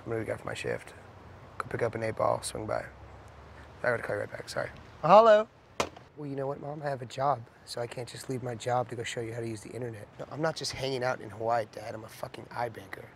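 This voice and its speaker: Rambling slacker waiter. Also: male voice, medium pitch, animated, quick pace, vocal fry, a little hiss or hum. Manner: rambling comic riffs, bursts of shouting. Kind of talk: improvised film outtake.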